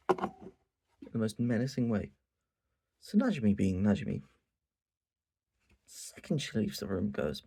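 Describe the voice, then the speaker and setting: This man hosts his own channel and recaps a manga in a casual, animated way, swearing freely and acting out the characters' lines. His voice is dark and gravelly. His pitch swings widely as he talks. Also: unhurried, long pauses. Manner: animated, swears a lot, acts out quotes. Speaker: channel host.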